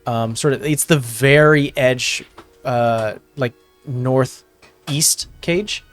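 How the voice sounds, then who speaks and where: A man running a tabletop game, describing the room piece by piece with plenty of fillers and self-corrections. Soft music plays faintly behind him. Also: mid-range voice, drawn-out words. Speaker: game master.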